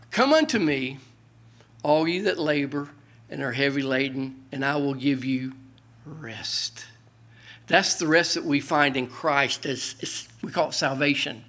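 A man preaching a sermon as pastor, reading scripture aloud loudly and dropping to quiet, folksy asides. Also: on the high side.

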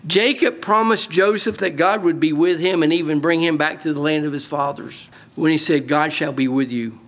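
A man teaching a Bible-study sermon in an animated, emphatic way, often asking his listeners questions. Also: a little high, moderate pace.

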